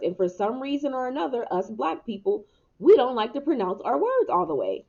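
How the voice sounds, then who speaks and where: A woman's voice: fairly high pitch, sing-song, fairly quick, gravelly, a little mellow. A young adult woman giving a casual spiritual tarot reading, candid and laughing often, with occasional swearing. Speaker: tarot reader. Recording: muffled mic with noticeable hiss.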